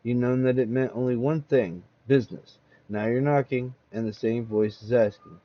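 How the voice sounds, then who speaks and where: A man's voice: mid-range voice, no echo, dull audio. Man narrating a horror comic with suspense. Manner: measured, suspenseful storytelling. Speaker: host reading a horror comic aloud. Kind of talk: second-person dramatic narration.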